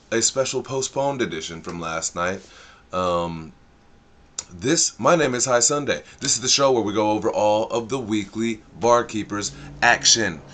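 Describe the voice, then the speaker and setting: A man's voice: lowish voice, a bit bright. A man hosting a casual live stream, chatting loosely in slang and drifting off track as he thinks aloud. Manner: rambling and easily sidetracked, thinking aloud; loose slang-filled talk.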